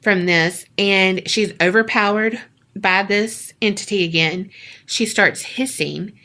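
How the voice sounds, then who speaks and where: Bright-voiced woman telling a story slowly. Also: medium pitch. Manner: slangy, profane, dramatic retelling. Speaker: podcast co-host. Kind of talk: casual storytelling chat.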